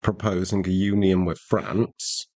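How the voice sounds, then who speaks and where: A man's voice: low-pitched, steady tone, a little slow, a little mellow. A man co-hosting a podcast, interjecting with teasing, playful banter. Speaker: podcast co-host.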